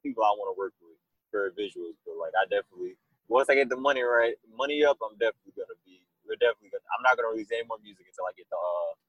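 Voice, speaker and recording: A man being interviewed about his music, talking in a loose, rambling way and telling animated stories. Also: on the low side, racing, husky, no echo, dull audio. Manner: rambling, animated storytelling with laughs. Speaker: musician guest. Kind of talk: casual interview chat.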